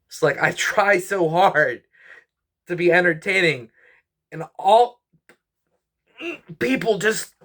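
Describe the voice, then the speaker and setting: A man's voice: high voice, lively intonation, slow, long pauses, a bit bright. A man in his twenties venting to his viewers, rambling, stressed and weary, with frequent sighs and apologies. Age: 20s. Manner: frustrated, rambling, sighing, apologetic. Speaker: YouTuber and comedian. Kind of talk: venting vlog to camera.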